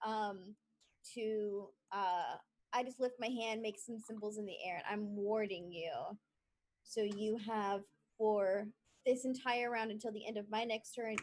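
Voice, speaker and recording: A woman narrates and runs a tabletop game session in a loose, chatty way. Her speech is full of fillers and restarts, and she sits a little above the usual pitch. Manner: chatty, loose, often laughing, filler-heavy. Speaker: game master.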